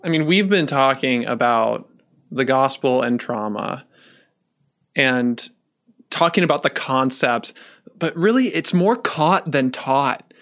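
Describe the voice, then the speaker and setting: A man in a casual podcast conversation, making steady, reflective remarks. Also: medium pitch, slow.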